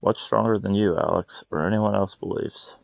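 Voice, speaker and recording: A man's voice: fairly low pitch, fairly even intonation, moderate pace, gravelly, muffled recording. A man voicing an anxious, protective young mage in a game, urging and pleading. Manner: urgent and pleading. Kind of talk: game voice acting.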